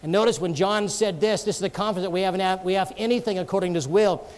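Delivering a sermon at a fast pace, a man with a high voice and somewhat dark tone preaches earnestly, mixes in stories, and shares light jokes with his congregation.

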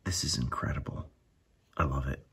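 A man giving an enthusiastic, casual review of gaming miniatures, now and then dropping into hushed asides. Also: extremely low pitch, moderate pace, slightly rough.

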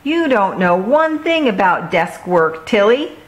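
A woman's voice: mid-range voice, very animated, a little slow. A woman doing a fussy shopkeeper. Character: fussy, bossy female shopkeeper.

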